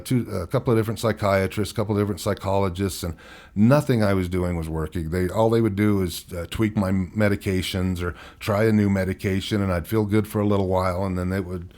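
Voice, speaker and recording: Guest in his fifties, very low voice, candid and rambling, chuckles through hard memories. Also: steady tone, a little fast, a little mellow. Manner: candid, rambling, laughs at his own story. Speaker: podcast guest. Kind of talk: personal storytelling interview.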